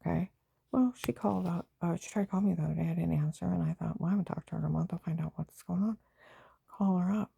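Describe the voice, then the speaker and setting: This woman speaks in a very gravelly, rasping, breathy voice that sits low and dark. She rambles through a personal story in an aggrieved tone, flaring into angry bursts. The sound is dry and close, with no room echo. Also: steady tone, very fast. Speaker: vlogger.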